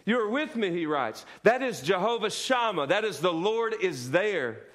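A man's voice: sits high, sing-song, normal speed, a bit bright. A male pastor preaching a sermon, repeating key lines with emphasis and calling for the congregation to answer aloud. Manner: repetitive emphatic preaching with call-and-response.

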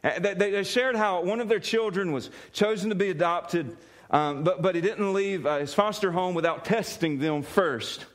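A man preaching a sermon, telling a story in an animated way, often laughing and repeating words as he goes. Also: high voice, normal speed. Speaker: pastor.

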